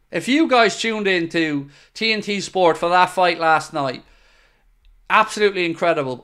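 A man's voice: high voice, pushed and bright. A man hosting a live football watchalong, chatty and upbeat as he reads out viewer messages. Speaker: fan channel host.

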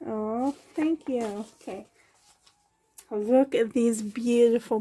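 A woman unboxing a parcel in her bedroom, breaking into excited exclamations and soft whispers. Her voice sits high but has a husky, gravelly grain. She talks at an unhurried pace. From Canada. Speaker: doll collector vlogger. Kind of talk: unboxing vlog. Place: bedroom at home.

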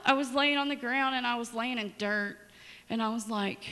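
A woman's voice: sits high, moderate pace, clean tone, in a large hall. A woman preaching a sermon in a church, telling stories with dramatic asides. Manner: storytelling, lively and dramatic asides. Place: church sanctuary.

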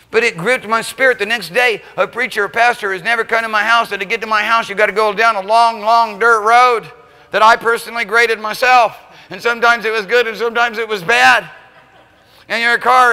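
A man preaching a church sermon, telling a story and building to shouted climaxes. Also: high-pitched. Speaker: pastor. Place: church sanctuary. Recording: church hall reverb.

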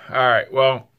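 A man's voice: mid-range voice, bright, forceful tone, clear, resonant tone, dull audio. A man vlogging casually while suffering from spicy heat, sighing and whooping between words. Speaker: food vlogger. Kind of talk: casual vlog.

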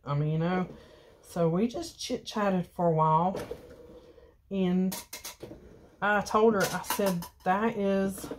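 A woman talks casually to her viewers while she applies makeup. She tells a long personal story in a loose, rambling way and keeps stopping to name the products she is using. Her voice sits a little low for a woman. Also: slight background noise. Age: 50s. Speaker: beauty vlogger.

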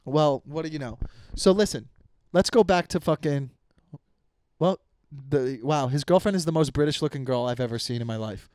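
A man's voice: fairly high pitch, moderate pace, darkish tone, dry recording, clean studio sound. A young man hosting a comedy podcast, ranting casually with heavy swearing and frequent stumbles and restarts. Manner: profane, rambling with many restarts. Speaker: podcast host.

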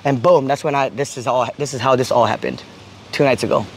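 A man's voice: mid-range voice, brisk. A man telling a heated, profane story to his stream, quoting what he said. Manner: heated, profane, quotes himself. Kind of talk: casual storytelling.

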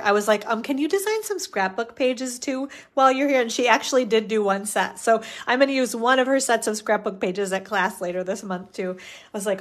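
A middle-aged woman hosting a live stamping demo, chatting casually and rambling with fillers as she works. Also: medium pitch. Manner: chatty, rambling, self-talk with fillers and little laughs.

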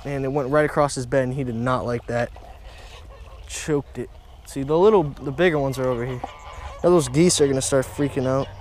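A young man narrates his fishing trip to the camera in a casual, excitable way, repeating phrases and calling out to his viewers. His voice sits in an ordinary middle pitch. He is recorded outdoors by a pond with a light hiss of ambient noise behind him. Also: fairly quick. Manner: excitable, repeats himself, keeps saying "guys" and "oh my gosh". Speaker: fishing vlogger. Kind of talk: casual outdoor vlog commentary.

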